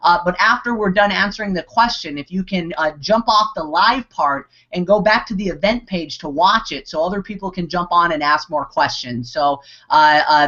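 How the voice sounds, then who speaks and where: A man's voice: sits high, pushed and bright. A man hosting a live online Q&A, talking in a rambling way with many restarts and fillers. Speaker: host. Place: online video hangout. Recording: dull lo-fi video call audio.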